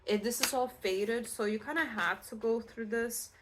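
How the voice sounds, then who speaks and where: A woman's voice: a little high, moderate pace, noisy background. A Scottish woman giving a casual pick-a-card tarot reading, chatty and reassuring, with many fillers and restarts. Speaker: tarot reader.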